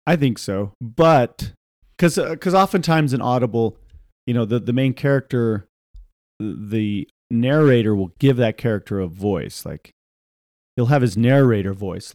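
A man co-hosting a podcast in casual chat, animated and quick to laugh, slipping into voices while telling stories. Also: mid-range voice, no echo, clean studio sound. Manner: animated, laughs often, imitates voices mid-story. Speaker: podcast co-host.

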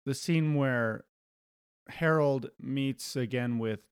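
Man, casual film chat, animated retelling, acted quotes, dry close mic. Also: mid-range voice, clear, resonant tone, dry recording. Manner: retells scenes with bursts of laughter and quick acted quotes. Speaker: podcast co-host.

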